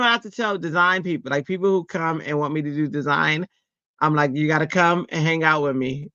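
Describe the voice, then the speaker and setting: Bright, excitable woman streaming live. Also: sits low, dry recording, dull audio. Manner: excitable and chatty, often bursting into giddy squeals. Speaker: craft livestream host. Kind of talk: casual live chat to viewers.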